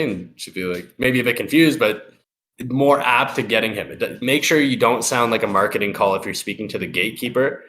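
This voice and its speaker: A man's voice: medium pitch, lively intonation, a little fast, a bit bright, a little hiss or hum. A young man giving loose, profane sales advice on a live call, acting out phone calls. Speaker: sales expert guest.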